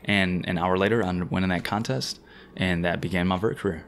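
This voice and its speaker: Brief: deep-voiced guy, rapid casual storyteller, slangy and animated, podcast guest. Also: slight background noise. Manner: animated, slangy anecdote-telling; fast-talking. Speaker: guest BMX rider.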